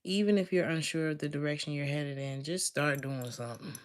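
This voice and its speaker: Woman tarot reader, low voice, chatty and laughs a lot, talks right to her audience. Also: fairly even intonation, a little fast, a little hiss or hum. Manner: chatty, laughs often, speaks straight to listeners. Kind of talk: casual tarot reading to viewers.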